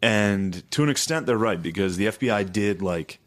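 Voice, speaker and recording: Blunt low-voiced man. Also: expressive, moderate pace, fairly bright tone. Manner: dry, blunt, swearing quips. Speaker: podcast co-host. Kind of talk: casual podcast chat.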